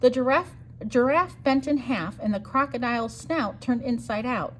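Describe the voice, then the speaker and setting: A woman reading a rhyming picture book aloud for storytime, sing-song and expressive. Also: on the high side, moderate pace, slight background noise. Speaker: storytime reader.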